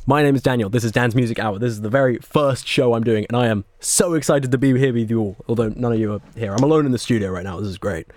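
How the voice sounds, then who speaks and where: A man's voice: medium pitch, fast, hardly any pauses, darkish tone, no room sound. Chatty young man hosting a radio show. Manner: chatty, rambling and self-deprecating, with fillers. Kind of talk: casual radio show intro. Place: small studio, alone.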